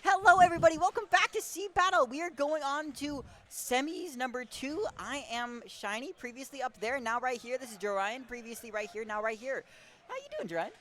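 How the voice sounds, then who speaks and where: An excitable, chatty commentator casting a live esports tournament at a gaming venue, quick to laugh. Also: medium pitch.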